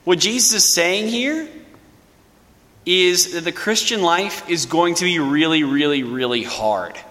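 Young male priest, fairly high voice, casual storytelling homily; echoey church hall. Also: expressive, a little slow, bright, forceful tone. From Louisiana, USA. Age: young adult. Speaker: parish priest. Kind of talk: sermon.

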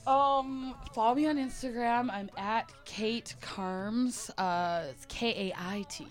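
A woman's voice: on the high side, takes it slowly. A woman comedian casually plugs her channels, joking at her own expense. Faint music runs under her voice. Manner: self-deprecating, joking. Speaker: comedian guest. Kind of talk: casual plug.

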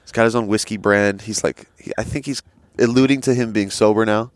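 Chatting casually as a podcast co-host, a young man uses a headset to tell lively, swear-filled stories with acted-out quotes. His pitch is fairly low and his pace fairly quick, with clean studio sound and no echo.

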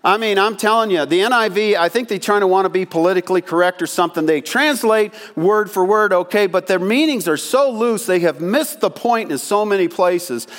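An older male pastor preaches in a loose, folksy way, full of asides to his listeners. He acts out the people in his stories as he goes. His voice sits high for a man. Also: fairly quick, hardly any pauses, fairly bright tone. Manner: folksy storytelling with asides to the congregation; acts out quoted voices in the story. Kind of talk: sermon.

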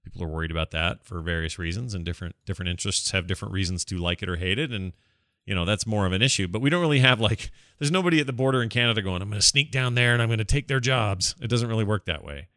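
A man's voice: deep voice, lively intonation, rapid-fire, a bit bright, no room sound, studio quality. A man from the United States talking bluntly and with strong opinions as a podcast co-host in casual chat.

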